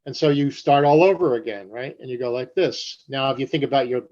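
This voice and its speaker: An older man from New Jersey telling stories in an interview, animated and profane, acting out the voices of people he quotes. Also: medium pitch, a little fast. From Paterson, New Jersey. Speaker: guest. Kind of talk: storytelling interview. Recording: dull lo-fi sound.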